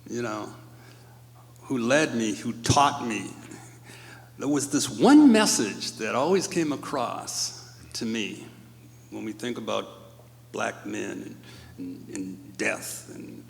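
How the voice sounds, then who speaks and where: An older man telling a personal story on stage, emotional and choked up, speaking slowly and haltingly. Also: on the low side, sing-song, vocal fry. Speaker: panelist at a live storytelling event. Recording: reverberant hall.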